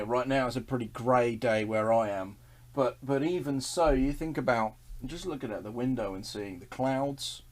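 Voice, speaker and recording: Male Bible study leader, video talk, earnest, enthusiastic, chuckles often, mid-pitched. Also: darkish tone.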